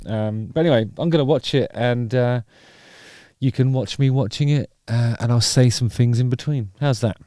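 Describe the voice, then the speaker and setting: A man's voice: mid-range voice, moderate pace, warm tone, no echo, clean studio sound. A middle-aged man hosting a casual music video reaction, rambling and wry with playful digressions.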